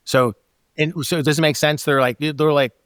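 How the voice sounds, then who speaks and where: A man's voice: fairly high pitch, steady tone, moderate pace, a bit bright, clean tone, no echo, studio quality. A man in a casual podcast conversation, talking animatedly and acting out bits of dialogue with frequent laughs.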